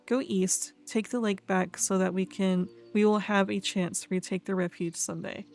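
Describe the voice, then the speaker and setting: Woman gamer host, mid-pitched, reads quest dialogue aloud between chatty asides; faint game music behind. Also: fairly even intonation, moderate pace, vocal fry, darkish tone. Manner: chatty, laughs often, stumbles over fantasy names. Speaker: let's play host. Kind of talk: casual gameplay commentary, reading quest text aloud.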